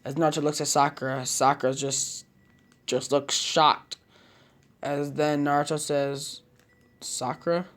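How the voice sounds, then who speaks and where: A storyteller improvising a fan story out loud, rambling with many restarts and self-corrections. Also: medium pitch, flat delivery, a little slow.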